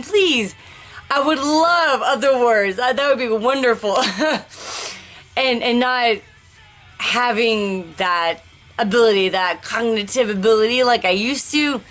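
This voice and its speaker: A woman's voice: fairly high pitch, a bit bright, faint music behind. Candid woman groping for words. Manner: rambling, searching for words, with restarts and sighs; slow, deliberate pacing. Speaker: vlogger sharing life after a stroke. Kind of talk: candid personal vlog.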